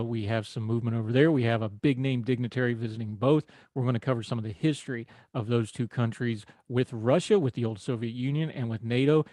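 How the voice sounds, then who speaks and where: A man's voice: medium pitch, a little mellow, no echo. Folksy man hosting talk radio. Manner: folksy, conversational, wry asides. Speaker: radio show host. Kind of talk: political talk radio monologue. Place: radio studio.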